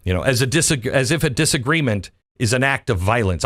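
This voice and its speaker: A man's voice: mid-range voice, lively intonation, fairly quick, fairly bright tone, no room sound, clean studio sound. A man hosting a political opinion show, delivering a monologue full of rhetorical questions and folksy asides. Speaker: political commentary host.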